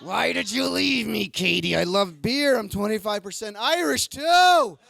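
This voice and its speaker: A man on a comedy club stage recapping roast battles with crude, excitable jokes that keep swinging into shouts. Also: high voice, normal speed, gravelly. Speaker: comedy show bishop recapping fights. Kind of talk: rowdy comic recap.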